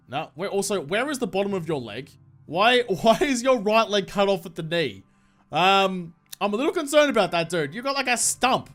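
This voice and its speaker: High-voiced man swearing through gameplay. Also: a bit bright. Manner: chatty, swearing, jumpy nervous reactions. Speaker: let's play gamer. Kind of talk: casual gameplay commentary.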